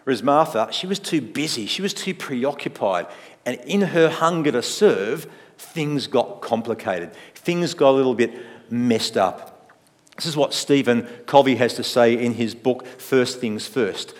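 A man preaching a sermon in a measured, reflective way, often using rhetorical questions. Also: mid-range voice, animated, long reverb tail. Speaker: pastor.

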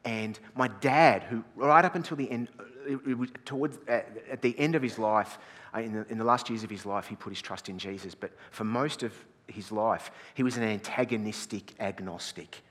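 A middle-aged man preaching with a slightly low, bright and forceful voice. He tells his story in a chatty, self-deprecating way, often restarting his sentences. The sound carries a long reverb from a big hall. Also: moderate pace. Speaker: pastor. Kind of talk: storytelling sermon.

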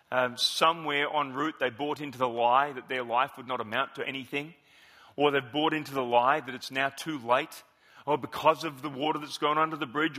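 Bright-voiced, high-pitched preacher in conversation mode. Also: male voice. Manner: conversational preaching with rhetorical questions and quick asides. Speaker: pastor. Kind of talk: sermon.

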